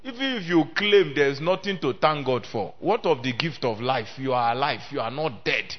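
A male preacher delivering a sermon, swinging between loud emphatic declaiming and quieter talk, calling on the congregation to respond. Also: mid-range voice, animated, normal speed, few pauses. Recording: dull lo-fi sermon recording.

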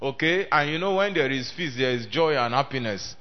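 A male preacher delivering a sermon, swinging between loud emphatic declaiming and quieter talk, calling on the congregation to respond. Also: mid-range voice, animated, fairly quick. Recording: dull lo-fi sermon recording.

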